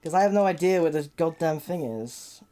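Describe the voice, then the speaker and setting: A person playing a video game on stream, chatting casually with a blunt, flat delivery and swearing at the game. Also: medium pitch, fairly quick. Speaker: co-player in a versus game stream. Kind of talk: casual chat while gaming.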